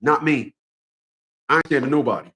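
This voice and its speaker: A man's voice: medium pitch, normal speed, sharp tone, husky. A man hosting his own channel, talking in a casual monologue. He is blunt and profane, and he repeats phrases over and over for emphasis. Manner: boxing talk, combative. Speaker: channel host.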